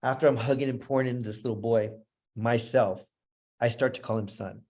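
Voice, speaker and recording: A man's voice: mid-range voice, fairly even intonation, fairly quick, a little mellow. A man speaking as a motivational speaker, telling a personal story to an audience in an earnest, repetitive, emotional way. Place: room with a live audience.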